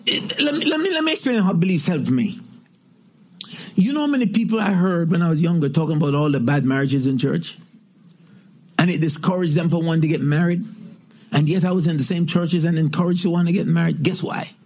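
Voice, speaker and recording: A middle-aged male pastor preaching a sermon, emphatic, with repeated refrains and shouted exclamations. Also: fairly high pitch, brisk.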